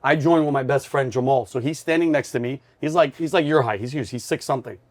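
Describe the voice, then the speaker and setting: A man hosting a comedy podcast, telling a story in an animated, excitable way and shouting out other people's lines. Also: medium pitch, fast talker. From New York. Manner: loud, excitable, acts out yelling drill instructors.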